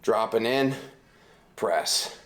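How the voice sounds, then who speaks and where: A man's voice: fairly low pitch, lively intonation, drawn-out words, a bit bright. A man, a fitness trainer, coaching a workout in his home gym, counting reps and cueing form as he lifts. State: out of breath. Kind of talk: workout instruction. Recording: roomy echo, music behind.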